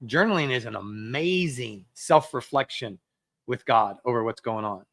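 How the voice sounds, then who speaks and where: A man's voice: medium pitch, normal speed, a bit bright, no echo. A man preaching a sermon as a pastor, in a conversational way that acts out everyday excuses.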